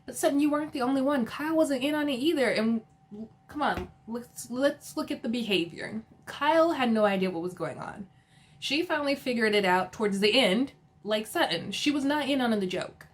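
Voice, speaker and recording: A woman's voice: fairly high pitch, lively intonation, a little fast. A woman giving a casual, chatty recap of a reality TV episode, often laughing and filling her talk with "like". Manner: chatty, giggly, filler-heavy.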